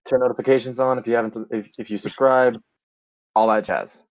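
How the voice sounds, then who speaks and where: A man's voice: mid-range voice, fairly even intonation, fairly quick, dry recording, highs cut off. A young male co-host in a casual call, heckling and swearing as he chips in.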